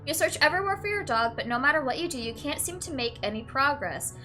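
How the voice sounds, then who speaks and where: A young woman streaming a game reads its text aloud in a high, sharp voice. Her reactions swing from flat and matter-of-fact to teary, with a lot of "like" and "literally" in her talk. Soft music plays quietly under her. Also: quick pace. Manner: uses "like" and "literally" often. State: tearful at times. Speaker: let's play streamer.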